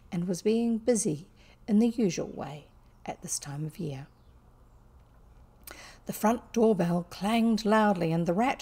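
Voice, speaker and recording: Husky, gravelly woman reading a storybook. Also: mid-range voice, dark tone. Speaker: audiobook reader.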